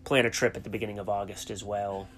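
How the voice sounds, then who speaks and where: A middle-aged man with a softened Boston accent, a college track coach chatting easily in an interview, with plenty of fillers. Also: on the low side, level tone, fast talker. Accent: softened Boston, New England. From South Shore of Massachusetts. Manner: easygoing, storytelling, frequent fillers. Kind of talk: casual interview chat.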